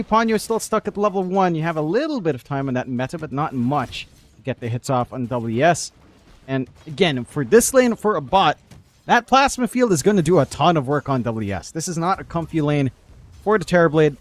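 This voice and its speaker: A man casting a live video game match, breaking down lanes and items in a chatty, analytical way and joking with his co-caster. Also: a little high. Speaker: esports caster. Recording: music in the background.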